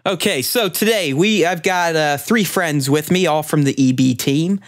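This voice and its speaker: A man's voice: on the high side, moderate pace. A man hosting a casual gaming podcast from home on a headset mic, loose and a little profane, who slips into a playful radio voice for the intro. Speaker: podcast host. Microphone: headphones and mic at home.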